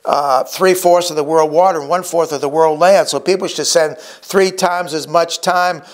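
A middle-aged male pastor preaching a sermon, emphatic and slowing down to stress key words. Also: on the high side, steady tone.

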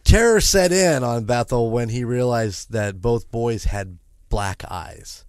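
A man's voice: mid-range voice, slow pace, darkish tone, no echo, clean studio sound. A man co-hosting a podcast, reading a paranormal story aloud with chatty asides and the odd restart.

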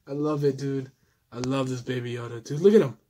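A man's voice: mid-range voice, fairly even intonation, fairly quick, dark tone, a little hiss or hum. A young man in a casual toy-collection vlog, laid-back and fond of calling everyone dude, tired and out of breath.

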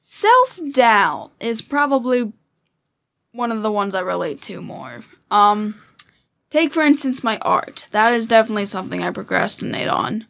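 A woman's voice: on the high side, very animated, normal speed, vocal fry, a bit bright. A woman co-hosting a podcast, chatting casually and hesitantly, with many fillers. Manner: hesitant, with frequent fillers and restarts. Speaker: podcast co-host. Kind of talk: casual chat.

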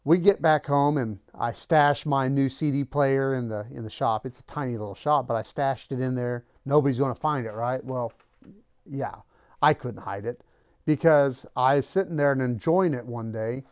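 A man's voice: medium pitch, normal speed, a little mellow, clean tone, no room sound, studio quality. A man hosting his own channel, casually telling a personal story and acting out the lines of the people in it. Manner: conversational, acts out quoted lines. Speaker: channel host.

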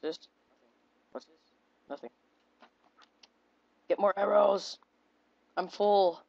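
Excitable woman commenting on a game. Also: medium pitch, slow pace, vocal fry, no room sound. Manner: excitable, repeats short exclamations while playing. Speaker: gaming video creator. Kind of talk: casual gameplay commentary. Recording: dull lo-fi home mic.

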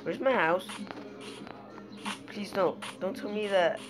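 A woman commentating live on her own gameplay speaks slowly in a medium-pitched voice. Panicky and pleading, she mutters to herself while loud game music plays behind her.

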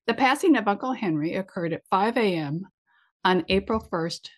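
A woman's voice: medium pitch, expressive, normal speed. A woman reading an old memoir aloud in a matter-of-fact way. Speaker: reader.

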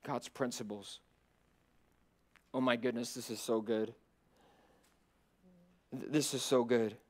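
A middle-aged man preaching a sermon as a pastor, surging from loud emphatic climbs to low quiet asides. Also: steady tone, slow. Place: church sanctuary.

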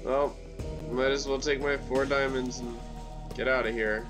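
A man hosting a let's play, commenting on his game in an excitable voice and exclaiming in frustration. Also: medium pitch, measured pace, music in the background. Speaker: gaming channel host.

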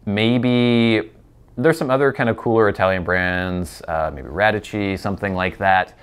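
A man's voice: lowish voice, a little slow, clean tone. A man hosting a pipe-smoking show, chatting casually as he answers viewer questions, rambling and poking fun at himself. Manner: rambling and self-deprecating, with many fillers.

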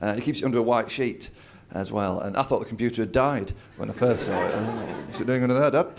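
A gravelly, fairly low-pitched comedian moves quickly through a story in his stand-up routine, voicing his dad's lines. The venue has a live audience, and some chatter is audible behind him.

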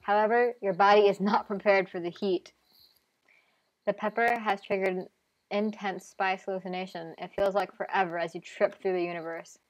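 A woman's voice: mid-range voice, fairly even intonation, moderate pace. A woman streamer reading a video game aloud on a live stream, with wry, playful asides.

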